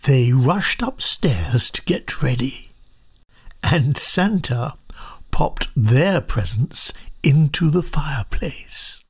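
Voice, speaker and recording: A storyteller reading a children's picture book aloud, soft and often half-whispered. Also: mid-range voice, expressive, slow pace, breathy edge.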